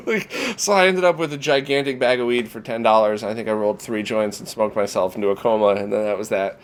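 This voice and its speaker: A man's voice: lowish voice, fast talker, few pauses. A man telling a story as an interview guest, profane and rambling, with many fillers. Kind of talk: casual storytelling.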